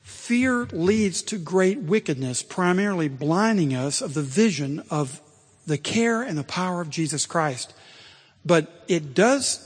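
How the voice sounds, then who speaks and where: Male pastor, high-pitched, husky voice, emphatic sermon delivery, long church reverb. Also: lively intonation, unhurried. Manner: emphatic preaching, swelling to loud exhortation.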